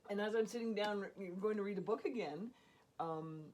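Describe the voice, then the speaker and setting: A woman casually telling a personal story in an animated way, often laughing and acting out what people said. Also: medium pitch, normal speed. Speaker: storyteller guest.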